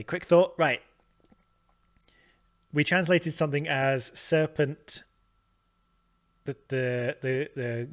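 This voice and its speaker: A man hosting a let's play, talking through the game in a chatty, self-deprecating way. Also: medium pitch. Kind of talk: gameplay commentary.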